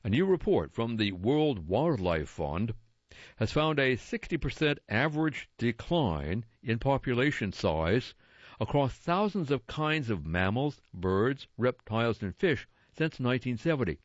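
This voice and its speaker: A man reads a news magazine aloud at a slow, careful pace, describing the page layout and saying quote and unquote around each quotation. His pitch rises and falls widely as he reads. The recording is dry and a little dull. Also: very animated, no echo. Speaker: magazine reader for listeners.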